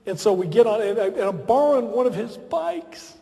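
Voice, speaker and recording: Guy doing a funny self-deprecating dinner speech, pretty high voice, big echoey hall. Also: fairly quick, creaky. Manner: self-deprecating, lively storytelling. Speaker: after-dinner speaker. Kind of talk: humorous anecdotal speech. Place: large banquet hall. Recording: reverberant banquet hall.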